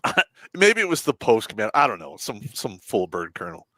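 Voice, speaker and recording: A man telling army stories on a live stream, full of profanity, laughing often and bursting into loud acted-out quotes. His pitch leaps high and drops low, and the mic sounds close and dry. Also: huge pitch swings, a little fast, no echo. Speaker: show host and veteran. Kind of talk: casual storytelling on a live stream.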